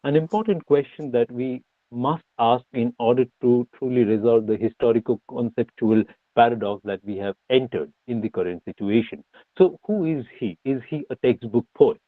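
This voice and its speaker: A man's voice: medium pitch, normal speed, no echo. A man from India giving an academic online lecture, posing rhetorical questions with frequent fillers and restarts. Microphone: video call. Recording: tinny phone-like online call audio.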